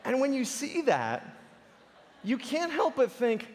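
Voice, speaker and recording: A man's voice: very high voice, huge pitch swings, slow pace, long pauses, in a large hall, slight background noise. A man giving a conference talk to a live audience, telling stories animatedly with playful impressions. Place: large auditorium stage.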